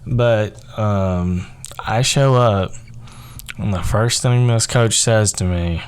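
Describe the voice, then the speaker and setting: Young guy on his podcast, lowish voice, rambles a lot with fillers. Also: takes it slowly, darkish tone, clear, resonant tone. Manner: rambling, heavy on fillers like "like" and "you know". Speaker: podcast host. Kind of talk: casual storytelling.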